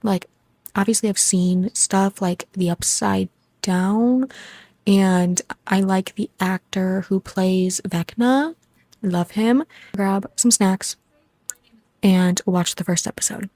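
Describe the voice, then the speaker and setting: A young woman chats to her viewers in a casual home vlog, excitable and talkative. Her voice is mellow and warm, with no bright edge. It is recorded close on a phone in a small, dry room. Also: mid-range voice, slow, no echo. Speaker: vlogger.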